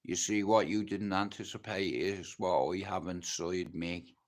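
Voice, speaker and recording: A man's voice: low voice, steady tone, unhurried. Dublin man, livestream host, blunt and heavy on the swearing, raw personal storytelling. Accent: Dublin Irish. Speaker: livestream host telling his life story. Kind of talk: casual storytelling monologue.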